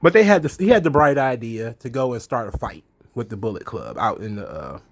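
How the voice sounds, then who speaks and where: A man's voice: medium pitch, lively intonation, fairly quick. A man hosting a casual solo commentary, blunt and exasperated, swearing freely and acting out quotes. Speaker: wrestling commentary host.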